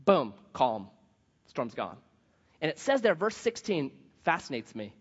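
A man preaching a sermon, telling a story in a lively way and acting out the voices of the people in it. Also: fairly high pitch, a little slow, slightly rough. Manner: animated storytelling, acts out quoted voices. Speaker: pastor. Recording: dull sound with long hall reverb.

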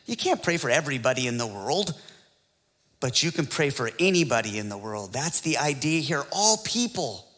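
A man's voice: mid-range voice, big pitch swings, moderate pace, a bit bright, big-room sound. A man preaching a sermon as pastor, in a joking, conversational way with frequent laughs.

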